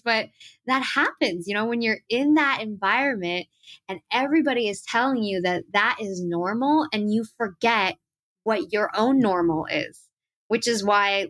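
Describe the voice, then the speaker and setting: A young adult woman, a singer-songwriter with a medium-pitched voice, tells animated stories in a casual interview. She acts out quotes and laughs often.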